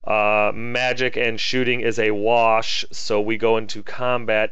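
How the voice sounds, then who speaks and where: A man's voice: lowish voice, level tone, a little slow, hardly any pauses, a bit bright, smooth, dry recording. A man narrating a tabletop battle report in a casual voice-over, turning from chatty recaps to comically exasperated rants. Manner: self-deprecating and chatty.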